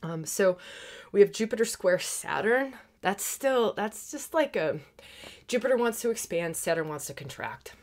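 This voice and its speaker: A woman hosting an astrology forecast, talking fast and excitedly, laughing often and dropping into soft whispers. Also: mid-range voice. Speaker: astrologer and podcast host.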